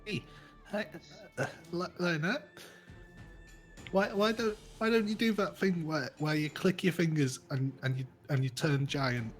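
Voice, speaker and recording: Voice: mid-range voice, faint music behind. A player in a tabletop game, talking casually and stammering through a plan. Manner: stammering, halting.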